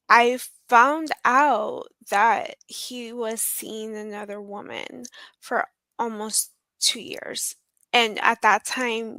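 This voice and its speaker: Slow, gravelly woman telling her story. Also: a little high, sharp tone, no echo. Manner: hesitant, many ums and pauses. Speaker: guest sharing her survival story. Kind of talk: personal storytelling in an interview.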